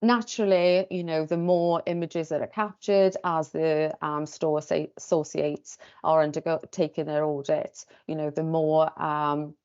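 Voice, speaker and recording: A woman with a Welsh accent giving a webinar pitch presentation, fluent but with many fillers like "you know" and "um". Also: fairly even intonation, a little slow, hardly any pauses, darkish tone, smooth. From Wales. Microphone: video call. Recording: dull lo-fi video call audio.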